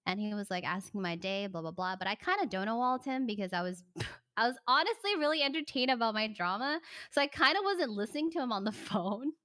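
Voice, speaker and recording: A young woman with a bright, slightly high voice chats casually on a livestream. She tells her story in an animated, chatty way and keeps pausing to thank her viewers. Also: dry recording, clean studio sound.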